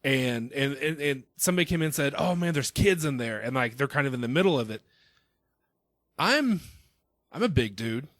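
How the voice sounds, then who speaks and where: A man co-hosting a podcast in casual chat, low-key and agreeable, mostly backing up the host. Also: lively intonation, moderate pace, a bit bright, no echo, studio quality.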